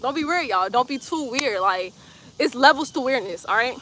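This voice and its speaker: Playful, bright-voiced woman streaming outdoors. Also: high-pitched, animated, moderate pace, slight background noise. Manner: playful, teasing, laughs often, repeats phrases. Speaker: livestreamer reading chat comments. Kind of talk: casual livestream chat. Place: outdoors in sunlight.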